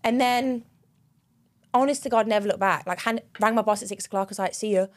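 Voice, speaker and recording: A young woman chats on a podcast as a co-host. She tells her story in a lively, animated way, with frequent laughs and casual swearing. Her voice sits at an ordinary middle pitch for a woman. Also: brisk. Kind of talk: casual chat.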